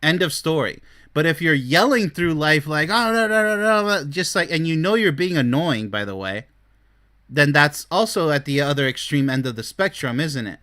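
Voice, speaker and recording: A man hosting a relationship advice show, talking with excitable, blunt energy in a bright, lively voice and swinging between loud bursts and mocking mumbles. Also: on the high side, moderate pace. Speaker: relationship expert and show host. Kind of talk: animated solo commentary.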